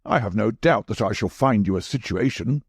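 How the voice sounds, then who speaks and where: A man voicing a nervous older country gentleman with a startled, gentlemanly manner. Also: fairly low pitch, expressive, moderate pace, slightly rough, dry recording, clean studio sound.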